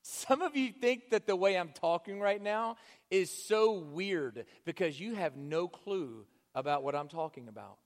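A male preacher with a fairly high voice delivers an impassioned sermon. He swings between loud, urging calls and hushed, almost whispered phrases. A long reverb trails his words through a large hall. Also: animated, unhurried. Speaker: pastor.

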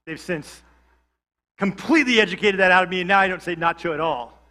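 Bright, high-voiced male pastor preaching. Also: brisk. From Georgia, USA. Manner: conversational, humorous asides. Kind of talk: sermon.

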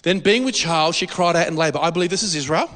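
Animated preacher in a reverberant hall. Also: male voice, fairly high pitch, quick pace. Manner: animated, jokey, asks the congregation questions. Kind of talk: sermon. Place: church hall.

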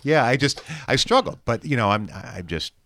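A man co-hosting a podcast in casual chat, hesitant with frequent pauses and easy chuckles. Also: mid-range voice, animated, a bit bright, dry recording, clean studio sound. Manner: hesitant, many ums and restarts, easy chuckles.

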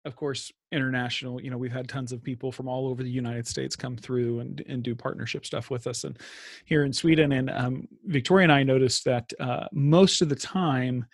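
A man's voice: medium pitch, steady tone, a little fast, no room sound. A man from Texas co-hosting a podcast, telling rambling stories in casual chat with frequent laughs and restarts. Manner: rambling storyteller, laughs often, lots of restarts and fillers. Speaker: podcast co-host. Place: lives in Sweden.

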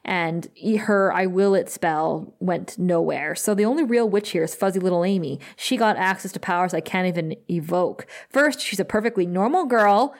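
A woman's voice: lowish voice, moderate pace, hardly any pauses. Chatty woman podcast co-host. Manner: chatty, lively retelling with frequent "like" and laughter. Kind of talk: casual chat recapping a TV episode.

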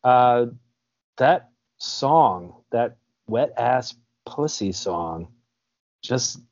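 An American man co-hosting a crude comedy podcast, joking in a bawdy, deadpan way. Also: medium pitch, very slow, dry recording. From United States. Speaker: podcast co-host. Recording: dull lo-fi audio with music underneath.

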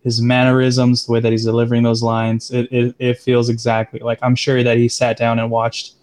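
Flat-voiced man hosting a review. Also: mid-range voice, clean tone. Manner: steers the discussion, even and measured. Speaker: podcast host. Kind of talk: casual movie review chat.

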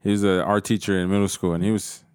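A man's voice: low-pitched, level tone, fast talker, darkish tone, clean tone, no echo. Man, casual storyteller, profane, laid-back, dry close sound. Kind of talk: casual storytelling among friends.

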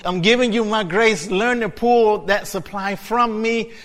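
A man delivers a sermon in a high, bright voice at an unhurried pace. He chants the same words again and again, building to shouts. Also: steady tone. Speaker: preacher.

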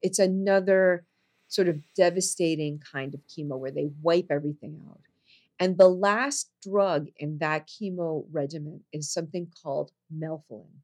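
A woman telling a personal story in conversation, earnest, going soft and low on serious moments and jumping high when she quotes people. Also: normal speed. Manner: animated, jumps high when quoting people.

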